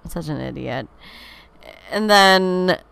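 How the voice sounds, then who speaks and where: A woman's voice: on the low side, lively intonation, slow pace, vocal fry, fairly bright tone, smooth, dry recording. A young woman, hosting a casual podcast from home. She sounds tired and talks in a candid, scattered way with lots of fillers and restarts. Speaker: podcast host. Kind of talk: casual rambling podcast chat.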